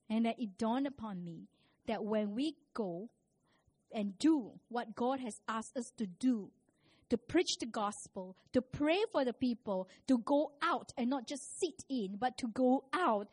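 A woman's voice: fairly high pitch, a little slow. Woman preaching a sermon. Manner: storytelling, rising to loud emphatic preaching.

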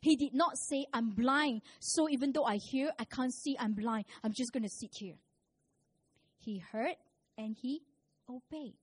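A woman's voice: fairly high pitch, measured pace, husky. Woman preaching a sermon. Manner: storytelling, rising to loud emphatic preaching.

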